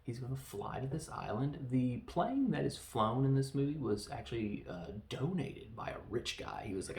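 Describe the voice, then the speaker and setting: Male podcast host, gravelly and loose, self-mocking humor, roomy echo. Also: medium pitch, very animated, normal speed, few pauses. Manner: joking, self-deprecating, loose. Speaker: podcast host reviewing a film. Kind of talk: casual rambling film review.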